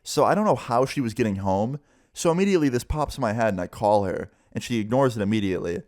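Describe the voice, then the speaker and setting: A young man telling a personal story to camera in a casual storytime vlog, animated and swearing casually. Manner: animated, quick shifts in pitch, swears casually.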